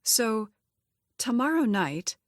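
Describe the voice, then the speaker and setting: A woman's voice: medium pitch, a little slow, no room sound, natural voice. Hesitant, flustered widowed mother, read by a woman narrator, dry close recording. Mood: nervous, flustered. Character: nervous widowed mother, young adult woman.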